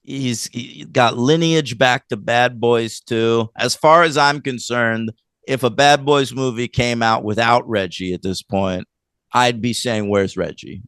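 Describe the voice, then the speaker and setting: A man co-hosting a casual film review podcast, rambling and animated as he retells scenes, with lots of fillers. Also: mid-range voice, a little slow, smooth, dry recording, studio quality. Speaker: podcast co-host.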